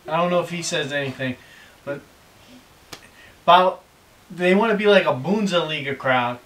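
A bright, fairly high-voiced man in middle age, from the United States, chatting loosely while tasting snacks. He is a father who rambles off on tangents and teases with deadpan jokes, over a faint hiss. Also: poor audio. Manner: rambling, teasing, jokey. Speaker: father and video host. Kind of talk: casual snack-tasting chat.

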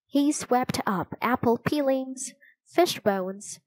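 A woman reading a children's chapter book aloud, telling it slowly and clearly. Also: high voice, darkish tone, no echo, poor audio. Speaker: storybook narrator.

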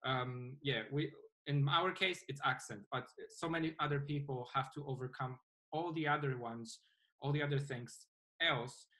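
A man hosting a panel conversation, speaking hesitantly with many pauses and restarts. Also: medium pitch, sharp tone. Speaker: host. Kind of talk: moderating a panel.

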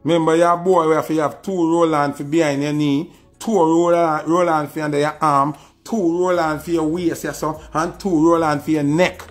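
A man's voice: on the high side, flat delivery, moderate pace, faint music behind. A man with a Jamaican accent delivering a scornful, taunting diss rant, repeating his insults. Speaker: social media personality. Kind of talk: ranting diss video.

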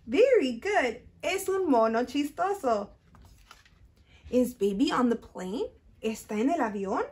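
A woman's voice: very high voice, very animated, a little slow. A woman reading a bilingual storytime for small children, sing-song and exaggerated, switching between English and Spanish. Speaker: children's librarian.

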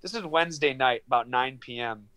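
A man in his thirties on a video call from his small studio apartment, telling a long story in an animated, profane way and acting out the dialogue. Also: medium pitch, fairly quick. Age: 30s. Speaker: guest, professional fighter. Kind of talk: casual storytelling interview.

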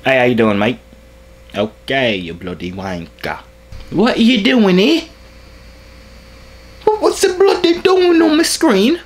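A man's voice: fairly low pitch, unhurried. A man doing an exaggerated, put-on British accent as a brash, insulting young British man in a prank video chat. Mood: mock-angry. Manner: loud, mocking, teasing, full of insults.

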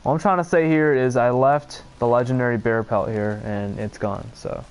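Gravelly, exasperated young man gaming. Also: medium pitch, steady tone, normal speed. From Pennsylvania. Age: young adult. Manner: exasperated, profane, rambling. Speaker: streamer. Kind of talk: casual gameplay commentary.

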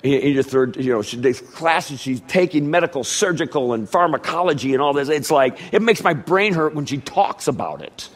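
A middle-aged man preaching a sermon, telling a family story in a storytelling manner and doing animated impressions of his relatives. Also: on the high side, normal speed, few pauses. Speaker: pastor.

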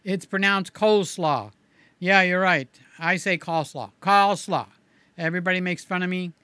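A man's voice: high-pitched, moderate pace, pushed and bright, smooth, dry recording. A man hosting a casual livestream, rambling as he reads out viewer comments, with a slight slur to his words. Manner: rambling, chatty, repeats himself. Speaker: livestream host.

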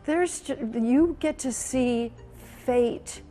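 A veteran woman news anchor in her sixties talks in a reflective interview, in a voice pitched a little high. She tells stories with feeling and circles back on her own words. Faint music sits under her. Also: takes it slowly. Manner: animated, emotional storyteller who repeats phrases.

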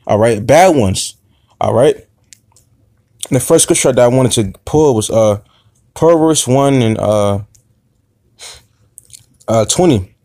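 A man preaching an informal sermon, halting with many fillers and restarts, confrontational and profane. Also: mid-range voice, animated, warm tone, no echo, studio quality.

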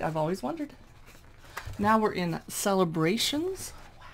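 Casting: enthusiastic woman, lively pitch, slight vocal fry, casual review tone. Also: normal speed, a little hiss or hum. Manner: chatty, enthusiastic, exclaims over recipes. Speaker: cookbook reviewer. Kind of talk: casual cookbook flip-through.

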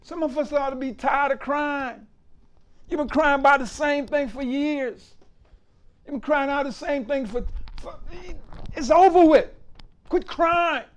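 Pastor guy, really high voice, preaching a sermon with lots of repeats and call-outs. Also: measured pace, a bit bright. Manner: emphatic preaching with repetition and rhetorical call-outs.

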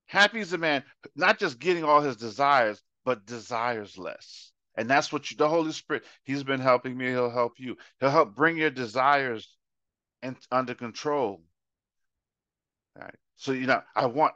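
A man's voice: mid-range voice, animated, moderate pace, sharp tone, no room sound, dull audio. A man teaching a Bible study in a conversational sermon style, acting out everyday examples and repeating phrases to make his point. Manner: illustrates with acted-out examples and repetition.

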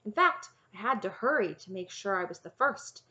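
A woman's voice: mid-range voice, animated, moderate pace, pushed and bright, muffled recording. A woman voicing a naive young knight, hesitant. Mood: earnest, puzzled. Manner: hesitant, eager, easily crestfallen.

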